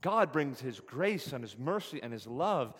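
A man's voice: mid-range voice, sing-song, unhurried, a bit bright, husky. Man preaching in a reverberant church. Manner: earnest preaching, rising for emphasis on scripture, repeating phrases. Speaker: pastor. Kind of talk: sermon. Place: church sanctuary.

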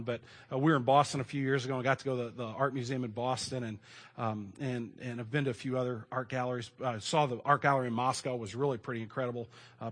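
A middle-aged man preaching a sermon in a conversational way, moving between loud emphasis and hushed asides. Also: mid-range voice. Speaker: pastor.

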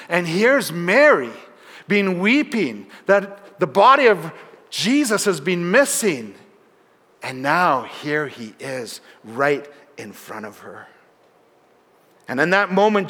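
A man delivers an earnest sermon in a church sanctuary, his fairly high voice trailing off into long reverb. He tells the story warmly and drops softer on key words for emphasis. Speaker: pastor.

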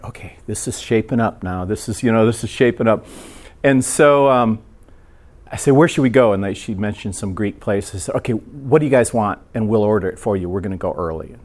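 Man telling a story in a sermon. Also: medium pitch. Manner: conversational, animated storytelling with quoted voices. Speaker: preacher.

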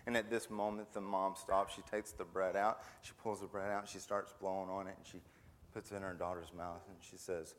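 A man's voice: deep voice, little pitch movement, brisk. A man giving a camp sermon that guides listeners through an imagined scene, talking hesitantly and repeating words. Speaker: camp speaker. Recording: long hall reverb.

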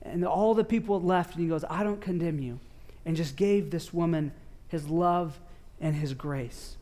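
A man's voice: on the high side, unhurried. A man in his thirties, a father and pastor, preaching a conversational sermon and telling family stories with asides to the congregation. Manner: conversational, animated storytelling with asides to parents.

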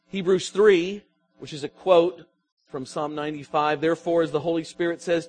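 A man's voice: on the high side, steady tone, moderate pace, darkish tone, soft background music. A man preaching a sermon as pastor, his emphasis swelling and falling as he asks the congregation questions.

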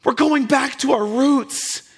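A man preaching a sermon as pastor, impassioned and swinging from loud, fervent passages to hushed, tender ones. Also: extremely high pitch, slow pace, breathy edge.

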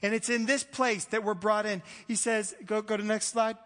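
A male pastor in his thirties with a high voice, preaching a sermon in a loose, conversational way. He jokes at his own expense and often restarts his sentences. His voice rings out with the long reverb of a large church hall. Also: flat delivery, moderate pace, few pauses, fairly bright tone. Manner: conversational, self-deprecating humor with frequent restarts.

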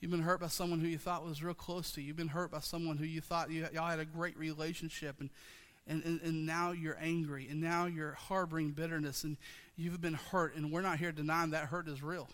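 Male pastor preaching, high bright voice, rhythmic repetition, long hall reverb. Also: flat delivery, fairly quick. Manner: passionate, repetitive call-and-response preaching. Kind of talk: sermon. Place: church sanctuary.

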